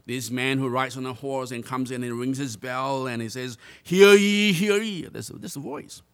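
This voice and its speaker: A man's voice: mid-range voice, level tone, normal speed, a bit bright, smooth. A man preaching a sermon to a congregation, earnest, stretching out key phrases for emphasis and often restarting his words. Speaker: pastor.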